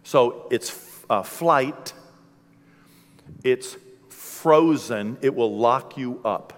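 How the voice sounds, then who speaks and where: A man preaching a sermon, telling stories with lively energy and shouting out the lines he acts out. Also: mid-range voice, very slow. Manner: animated storytelling, shouting acted-out quotes. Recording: long hall reverb.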